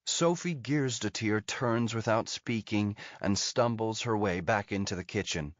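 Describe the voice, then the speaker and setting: A male audiobook narrator with a lowish voice, reading in a steady, measured way. The sound is dull and lo-fi, with a dead, dry feel and no room echo. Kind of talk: scripted narration.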